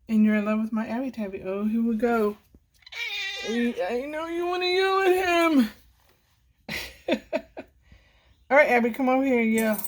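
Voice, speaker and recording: A woman's voice: fairly high pitch, moderate pace, long pauses, slight background noise. A woman filming on her phone from indoors by a window, cooing to a cat in sing-song baby talk. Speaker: pet video maker.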